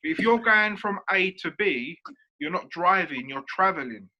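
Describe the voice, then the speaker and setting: A man explains a point step by step in a casual chat, giving examples as he goes. His voice is bright and a little high. The recording sounds muffled and lo-fi. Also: animated, moderate pace. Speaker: podcast co-host.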